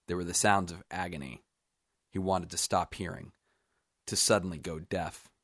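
A man with a very deep voice reads his own short story in a measured, even manner. The sound is close and dry, with no room around it. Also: no room sound.

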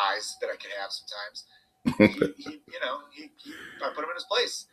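Young male podcast guest, rapid and bright, husky edge, animated storyteller. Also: fairly high pitch, low-quality recording. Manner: animated storytelling, swearing, quoting others. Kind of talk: casual chat.

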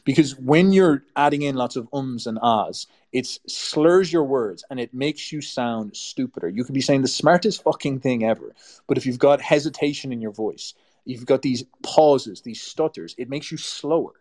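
An Irish man talks straight to his viewers in a blunt, emphatic rant, swearing freely. His voice rises and falls in a strongly musical, sing-song way, slowing down when he hits a point. It sits at an ordinary middle pitch. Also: a little mellow. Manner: blunt, emphatic and profane, ranting. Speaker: YouTube host. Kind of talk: advice monologue to camera.

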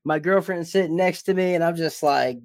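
Earnest, emotional podcast co-host. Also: male voice, fairly high pitch, a little fast, no echo, studio quality. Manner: emotional, earnest, swears casually. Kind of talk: casual podcast chat.

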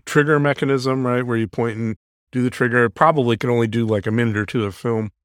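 A man's voice: medium pitch, steady tone, fast, smooth, dry recording, clean studio sound. A man co-hosting a podcast, casually recapping an episode scene by scene and laughing often as he goes. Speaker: podcast co-host.

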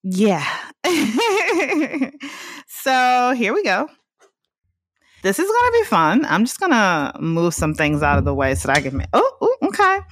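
A woman's voice: lowish voice, very animated, moderate pace, fairly bright tone, no echo. A woman hosting a casual solo podcast from her apartment, laid-back and laughing often, drawling some words. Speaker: podcast host. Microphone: podcast microphone at home.

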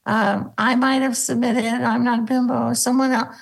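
Middle-aged woman, high voice, gravelly and husky, lively storyteller acting out quotes. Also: normal speed, rough recording. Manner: animated, acts out quotes, drops into a low voice for bits. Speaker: guest, former sketch comedy cast member. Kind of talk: casual interview storytelling.

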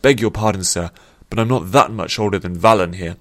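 Brief: a man voicing a steady veteran soldier, calm and low, storybook reading. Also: brisk, no room sound. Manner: remarkably calm.

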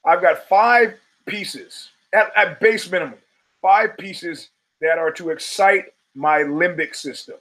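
A man's voice: high-pitched, slow, fairly bright tone, rough recording. A man hosting a solo podcast, talking in a wry, profane, digressive way with emphatic punches. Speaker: podcast host.

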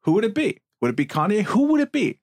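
A man co-hosting a casual panel discussion, thoughtful and halting, often restarting his sentences. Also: high voice, wildly swooping pitch, gravelly, a little mellow. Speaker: podcast co-host.

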